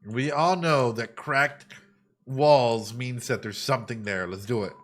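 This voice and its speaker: A man, a psychologist, giving excitable let's play commentary, exclaiming and musing aloud. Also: medium pitch, a little slow. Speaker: psychologist playing a game on stream.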